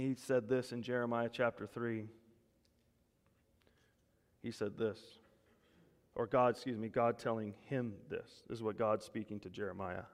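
A male pastor preaching a sermon, animated, rising loud and emphatic when he voices God's words. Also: medium pitch. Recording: long hall reverb.

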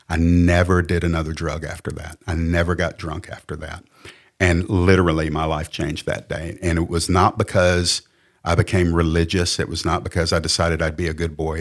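A middle-aged man with a Southern American accent, a pastor telling his personal testimony in an earnest, candid, plainspoken way. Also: sits low. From Southern United States. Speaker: pastor and podcast guest.

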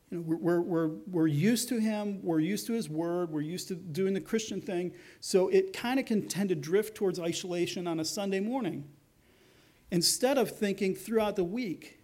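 A man's voice: sits high, mellow. A middle-aged male pastor preaching a sermon in a conversational way, acting out the voices he quotes.

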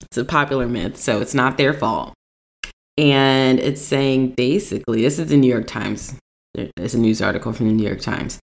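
A woman chatting casually as a co-host, telling stories with lots of laughter and swearing, her voice jumping up when she quotes herself. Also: normal speed. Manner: animated storytelling, jumps high when quoting herself; profane, laughs often. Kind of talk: casual chat.

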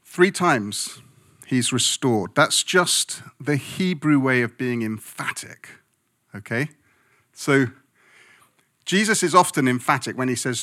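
A man's voice: mid-range voice, expressive, slow, pushed and bright. Guy pastor preaching, emphatic, conversational, mid voice. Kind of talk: sermon.

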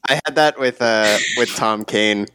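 A man's voice: mid-range voice, a little slow, sharp tone, smooth, no echo. A man co-hosting a casual podcast who laughs often between phrases. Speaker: podcast co-host. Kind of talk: casual chat.

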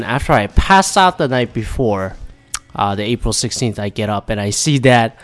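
A young man from Michigan hosting his own podcast, ranting casually with lots of swearing and stumbling restarts. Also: mid-range voice. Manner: profane, rambling, restarts often. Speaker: podcast host. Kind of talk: casual solo podcast rant.

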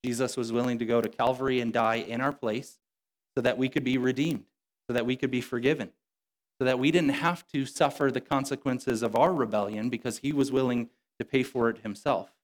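A male pastor giving a sermon in a relaxed, conversational tone, sometimes acting out quoted lines in casual speech. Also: mid-range voice, fairly quick.

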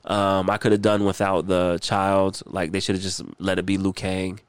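A man's voice: low voice, monotone, moderate pace, smooth, no echo. A man co-hosting a podcast, chatting casually, joking and swearing freely. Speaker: podcast co-host. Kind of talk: casual chat.

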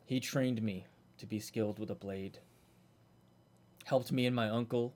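A man's voice: lowish voice, steady tone, measured pace, a little mellow, lightly acted. A man voicing an earnest male warforged automaton guard who tells his story plainly.

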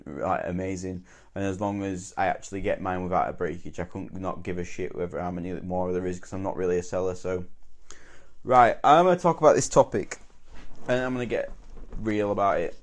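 Blunt, sweary man. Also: low voice. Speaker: podcast co-host. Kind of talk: casual podcast chat.

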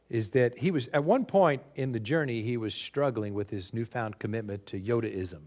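A man preaching a sermon as pastor, animated and rising loud on key points, recorded for a live stream. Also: mid-range voice.

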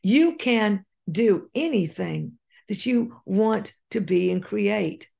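Gravelly-voiced woman giving motivational talk. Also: medium pitch, lively intonation, takes it slowly, warm tone. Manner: earnest, encouraging, repeats phrases. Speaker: motivational speaker. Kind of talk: motivational monologue.

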